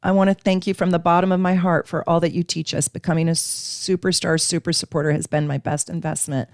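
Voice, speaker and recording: A woman's voice: on the low side, level tone, fairly quick, no echo, studio quality. A woman hosting a live astrology stream, teaching casually and chatting with viewers, with frequent ums.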